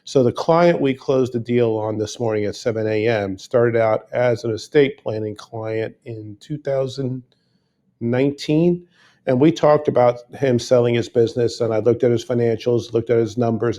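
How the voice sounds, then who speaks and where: A man's voice: medium pitch, normal speed, mellow. A man in his fifties with a New York accent, a guest in a casual podcast interview who talks emphatically and restarts with repeated words. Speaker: guest attorney.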